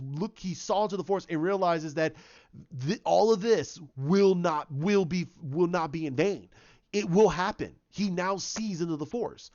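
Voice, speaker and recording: A man giving a casual spoken movie review, excited and rambling, restarting and repeating his words. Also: high voice, muffled recording. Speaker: film reviewer.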